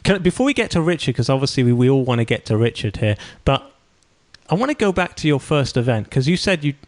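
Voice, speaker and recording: A man's voice: medium pitch, sing-song, fast talker. A man hosting a podcast interview, chatty and enthusiastic, reacting often and thinking aloud as he asks his questions. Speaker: podcast host. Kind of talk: conversational interview.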